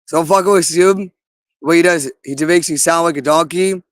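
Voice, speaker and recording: A man's voice: on the high side, normal speed, no room sound. A man in an agitated, rambling monologue, cursing often and repeating himself. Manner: agitated, profane, repetitive.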